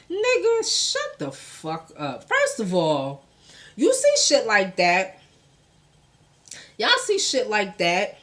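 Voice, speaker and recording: A woman's voice: mid-range voice, huge pitch swings, slow, long pauses, a bit bright. A woman hosting a casual gossip commentary show, blunt and profane, talking in with laughing asides.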